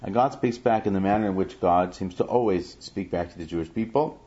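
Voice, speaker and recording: A man's voice: low voice, brisk, dark tone. A man teaching a verse-by-verse Bible class, chanting each Hebrew verse and then explaining it in English. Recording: dull lo-fi recording.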